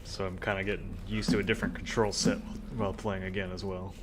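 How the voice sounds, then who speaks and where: A man's voice: deep voice, little pitch movement, quick pace, background noise. A man playing a game on a stream, casually explaining what he is doing. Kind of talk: casual commentary while playing.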